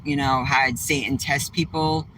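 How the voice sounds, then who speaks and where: Faint vehicle noise underlies a rough recording of a man driving and livestreaming to his viewers. A vlogger with a Southeastern Massachusetts accent, he has a sharp, mid-range voice with fairly even intonation and a measured pace, chatting bluntly and ramblingly with plenty of swearing.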